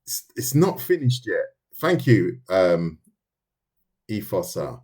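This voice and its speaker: A man's voice: low-pitched, very animated, takes it slowly, a little mellow, husky. A man with a London accent, chatting casually on a live stream as he draws, reading and answering viewer comments, thinking aloud with loose restarts. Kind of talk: casual live-stream chat while drawing.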